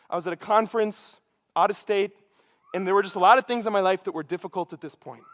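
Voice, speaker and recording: A young man with a Midwestern American accent preaching a homily, animated and conversational, with quick asides. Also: high-pitched. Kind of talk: sermon. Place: large church. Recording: long church reverb.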